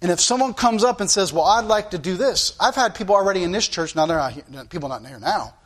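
A man's voice: sits high, expressive, quick pace, fairly bright tone. A man preaching a sermon to his church as pastor, earnest, with sound-effect asides.

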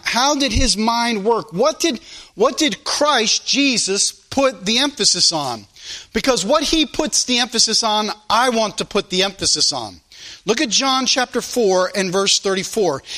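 Male preacher, high bright voice, church sermon that swings between loud and quiet. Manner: preaching with sudden rises and drops in loudness. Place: church service.

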